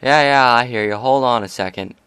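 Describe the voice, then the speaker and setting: Man voicing gruff, boisterous stallion bartender. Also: medium pitch, fairly quick, fairly bright tone, no room sound, close to an everyday voice.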